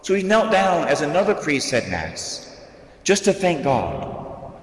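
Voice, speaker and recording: A man preaching as a priest, slow and dramatic, his voice swinging up and down in pitch. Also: very animated. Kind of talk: sermon. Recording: echoey hall, voice from the mic at a distance.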